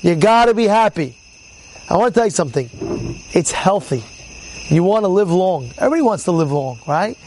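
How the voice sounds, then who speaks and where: High-voiced animated rabbi. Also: male voice, fairly quick, pauses often, slight background noise, poor audio. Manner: animated storyteller, repeats words, acts out quotes loudly. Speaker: rabbi teaching a Torah class. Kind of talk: informal Torah class to a live group.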